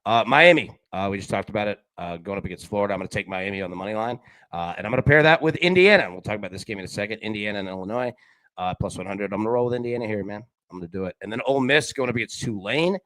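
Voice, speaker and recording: A man's voice: on the low side, lively intonation, very fast, a bit bright, no room sound. A man hosting a live sports betting show, chatting casually with viewers and giving his picks, with slang and frequent restarts.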